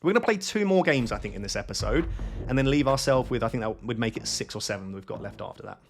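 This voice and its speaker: Lively man thinking aloud. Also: mid-range voice, quick pace, a little hiss or hum. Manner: thinks aloud, excitable, self-questioning. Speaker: gaming YouTuber. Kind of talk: live gameplay commentary.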